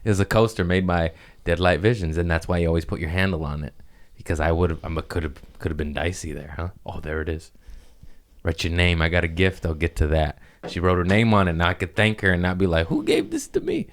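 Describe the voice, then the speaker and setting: A man with a very low, deep voice hosts a loose comedy podcast. He rambles and curses freely, jumping from one riff to the next in an animated way. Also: brisk. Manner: rambling, profane, animated riffing. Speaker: podcast host. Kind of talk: casual comedic podcast chat.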